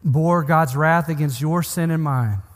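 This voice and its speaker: A man's voice: on the high side, unhurried. A man preaching a sermon in an earnest, pastoral way, building emphasis through repeated phrases. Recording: long hall reverb.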